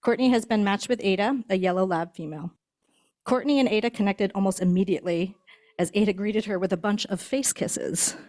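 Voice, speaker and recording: A woman's voice: medium pitch, a little fast, a little mellow. A woman who trains guide dogs, introducing graduates at a ceremony in a chatty way, laughing now and then. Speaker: guide dog instructor. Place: indoor ceremony hall.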